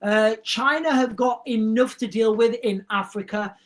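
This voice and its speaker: Brief rambling man, high-pitched voice. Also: unhurried. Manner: rambling, repetitive, blunt. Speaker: livestream host. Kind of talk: casual livestream chat, reading viewer comments.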